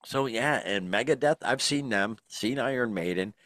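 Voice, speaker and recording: A man's voice: mid-range voice, moderate pace, fairly bright tone, dry recording. A middle-aged man, co-hosting a casual podcast and rambling through lots of fillers and restarts. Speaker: podcast co-host. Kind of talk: casual chat.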